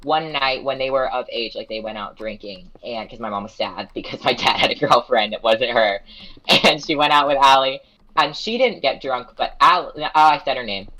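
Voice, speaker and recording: Young woman streamer, very low voice, rambling casual storyteller, keys clacking behind. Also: normal speed, a bit bright, rough recording. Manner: rambling, self-interrupting storyteller who laughs often. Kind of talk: casual chat.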